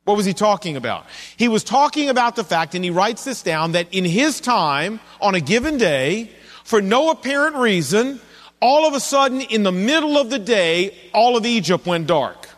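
A man's voice: high-pitched, lively intonation, moderate pace, a bit bright, long reverb tail. A man preaching a sermon in a conversational way, asking his listeners questions as he goes. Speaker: pastor.

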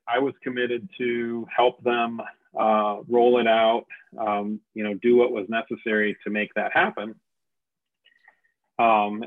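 A man's voice: medium pitch, no room sound. Man telling a story over a tinny line. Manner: rambling, many fillers and restarts, self-deprecating laughs. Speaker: franchise owner telling his business story. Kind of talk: casual conversational storytelling. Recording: dry, tinny phone-like audio.

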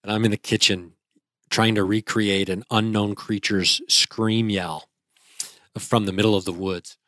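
A man's voice: fairly low pitch, little pitch movement, a little slow, pushed and bright, no room sound, studio quality. A young man, a guest, retelling a frightening experience in a vivid, casual way with restarts. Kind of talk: casual storytelling.

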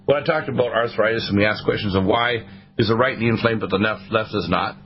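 A man's voice: lowish voice, fast talker. Male talk radio host, preachy and rambling, slightly dull broadcast sound. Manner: rambling, sermon-like, quoting the Bible.

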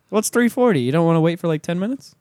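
A man's voice: on the high side, animated, normal speed, darkish tone, no room sound. A man hosting a podcast, joking and teasing his co-host in slangy casual chat. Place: podcast studio.

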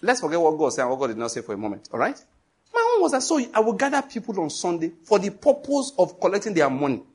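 A middle-aged Nigerian-accented man preaching with a husky, slightly raised voice. He drives his points home emphatically and tells stories in an animated way, throwing rhetorical questions at the congregation. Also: high-pitched, quick pace. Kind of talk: sermon.

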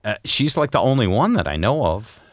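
A man's voice: mid-range voice, very animated, fairly quick, no room sound, clean studio sound. An older man hosting a podcast, chatting casually in a wry, self-mocking way and stumbling over his words. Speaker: podcast host.

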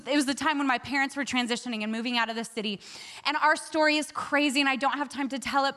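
Woman preacher, high bright voice, animated storyteller who acts out the dialogue in her sermon. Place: in front of a live congregation.

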